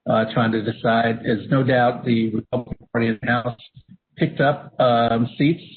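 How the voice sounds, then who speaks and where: A man moderating a webinar and walking through slides, halting with many fillers and restarts, coughing at times. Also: medium pitch, little pitch movement. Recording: phone-line audio with faint hiss.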